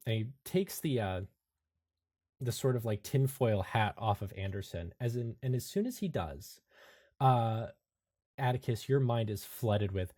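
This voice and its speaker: A man with a medium-pitched voice narrates as game master of a tabletop role-playing game. He describes the scenes at a measured, relaxed pace, with plenty of fillers.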